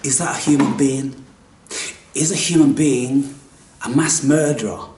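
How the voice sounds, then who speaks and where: Theatrical man, slow, in an echoey room. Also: medium pitch, fairly even intonation, a little hiss or hum. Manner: theatrical, swinging from hushed whispers to loud outbursts; blunt, swears casually. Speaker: spiritual speaker. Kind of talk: spiritual monologue. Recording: echoey room, mic far off.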